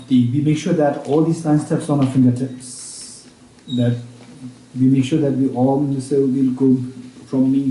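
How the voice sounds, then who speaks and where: A man teaching Buddhist practice at a retreat, repeating each point slowly as if dictating, with halting restarts and check-ins with his listeners. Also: mid-range voice, mellow. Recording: roomy room, speaker far from mic.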